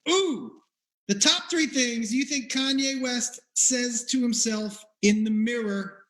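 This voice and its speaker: A man hosting a casual comedy game over a video call, quick and laughing often. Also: very high voice, a bit bright. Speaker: host.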